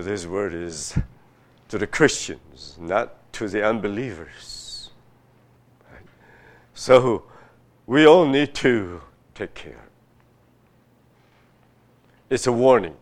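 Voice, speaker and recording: A man preaching a sermon, reading scripture aloud and pressing his listeners with rhetorical questions in a slow, emphatic way. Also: fairly low pitch, lively intonation. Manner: reads scripture aloud with rising force. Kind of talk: sermon, Bible exposition.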